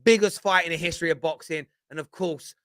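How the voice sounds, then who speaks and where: A man's voice: on the high side, fast talker, fairly bright tone, a little hiss or hum. A man talking football in a casual, opinionated and rambling way, often restarting and asking "you know what I mean". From Britain. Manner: rambling, repeats words, lots of 'do you know what I mean'. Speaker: football pundit on a fan show.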